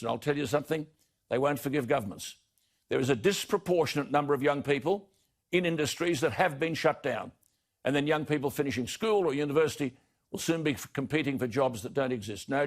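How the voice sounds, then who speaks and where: An Australian man delivering an indignant broadcast opinion editorial, slowing down to hammer home key words. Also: on the high side. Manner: indignant, emphatic, slows for stressed words. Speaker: broadcast commentator.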